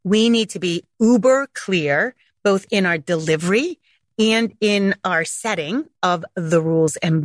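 A woman hosting a podcast coaches parents in a casual monologue, animated and acting out quoted voices with big pitch jumps. The sound is clean studio audio with no echo.

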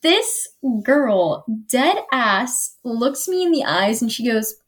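Young woman, high bright-toned voice, casual podcast co-host, lively and animated when telling a story. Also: slow pace. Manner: animated storyteller, acts out what people said. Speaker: guest co-host.

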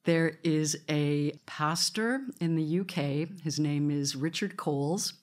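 A woman's voice: deep voice, slow. A woman radio host telling stories in a live studio conversation, chatty and often laughing.

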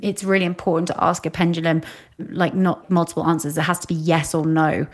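A woman's voice: sits low, brisk. A woman from the UK, a psychic medium guest on a podcast, telling her stories in casual interview talk and acting out the voices she quotes. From United Kingdom. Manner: animated storyteller, acts out quoted voices.

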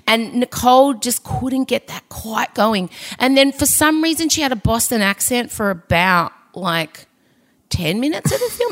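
A woman's voice: on the high side, sing-song, normal speed, a bit bright. A woman hosting a podcast, reviewing a film in casual, opinionated chat with frequent restarts. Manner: chatty, opinionated, ranting with restarts. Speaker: podcast host.

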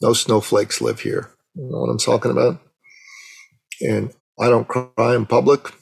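A middle-aged man, a guest on an interview, telling a personal story with animated, emotional delivery and acting out the dialogue. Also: medium pitch, moderate pace, vocal fry, slightly rough, low-quality recording. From Iran.

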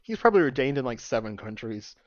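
A man's voice: mid-range voice, sing-song, fast, no echo. Man, podcast co-host, laughs a lot, muffled dry audio. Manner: giggly, riffing on jokes. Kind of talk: casual chat.

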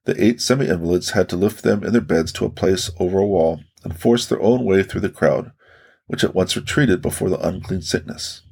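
A man reading a religious audiobook aloud in measured, even scripted narration. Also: sits low, vocal fry, husky.

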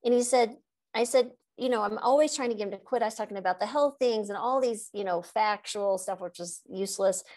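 A woman doctor hosting an interview, telling stories about patients in an animated way and laughing easily. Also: mid-range voice, fairly quick. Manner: animated storyteller, laughs often. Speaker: host and doctor. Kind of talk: conversational interview.

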